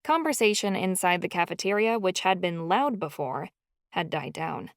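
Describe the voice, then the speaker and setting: A woman narrating a first-person audiobook in an expressive, emotional storytelling style. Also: fairly low pitch, moderate pace, dry recording, clean studio sound.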